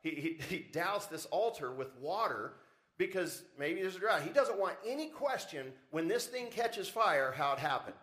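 A man's voice: high-pitched, animated, moderate pace, fairly bright tone. A man preaching a sermon as pastor, with rising emphasis and frequent rhetorical questions to the congregation. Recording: church service audio recording.

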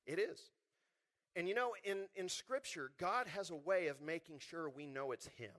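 A man preaching a sermon, lively and conversational, acting out the people in his stories. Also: on the high side, moderate pace. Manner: animated, acts out quotes in voices. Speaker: pastor.

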